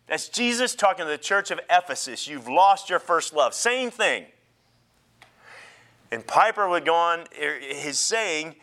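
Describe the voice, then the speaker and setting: A man pastor preaching a sermon in an animated way, joking and laughing with the congregation. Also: high-pitched, unhurried.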